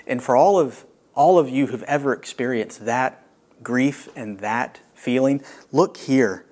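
A man preaching a sermon as a pastor, earnest and reflective, with long pauses. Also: medium pitch, a little mellow.

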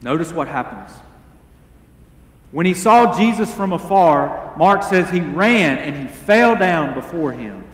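A man preaching a sermon as pastor, earnest and deliberate, asking the congregation rhetorical questions. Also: on the high side, expressive, a bit bright, reverberant, big-room sound. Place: church sanctuary.

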